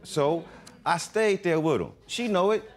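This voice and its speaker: A man's voice: on the high side, very animated, measured pace. A man in his forties giving laid-back, colloquial testimony on a courtroom TV show, often chuckling. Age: 40s. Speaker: litigant.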